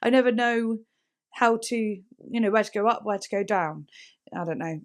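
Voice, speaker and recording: A woman hosting a casual music reaction, excitable and rambling, with lots of "like" and sudden gasps. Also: mid-range voice, normal speed. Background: faint music playing.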